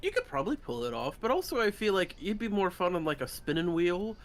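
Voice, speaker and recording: A man's voice: high voice, very animated, fast talker, soft background music. A man playing a tabletop game, talking in character in a self-deprecating way and laughing often. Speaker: player. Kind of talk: in-character table-top play.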